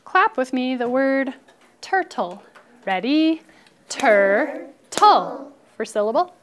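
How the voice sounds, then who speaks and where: A woman teacher with a high-pitched, very animated voice leads a classroom phonics lesson, brisk and encouraging. She calls out words and praises pupils, sometimes dropping to a hushed whisper for one child.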